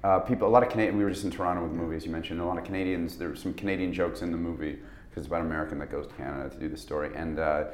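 A man in a casual interview, talking about his acting work in a halting, rambling way with many restarts. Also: deep voice, steady tone, reverberant. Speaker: actor guest.

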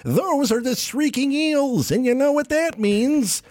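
A man voicing a shrill, scheming male radio host from a comedy bit, scolding his co-hosts in a squealing, nasal sneer. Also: lively intonation, a little slow, a little mellow, no echo, clean studio sound. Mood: bossy shrill.

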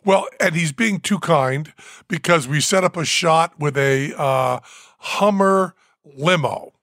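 A man co-hosting a podcast, telling a story in casual chat, animated and breaking into loud whoops. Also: on the high side, slow pace, dry recording, clean studio sound. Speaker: podcast co-host.

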